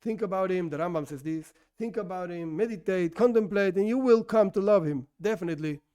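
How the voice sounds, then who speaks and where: A rabbi teaching an informal religious class, talking conversationally with rhetorical questions and frequent restarts, as a non-native English speaker. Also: male voice, sits high, brisk, dark tone, clear, resonant tone. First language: not English.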